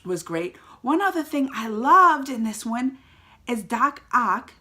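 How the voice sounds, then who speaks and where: Chatty woman with a bright voice. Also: on the high side, very animated, takes it slowly. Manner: chatty and emotional, tearing up then laughing. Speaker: movie reviewer. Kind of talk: casual vlog movie review.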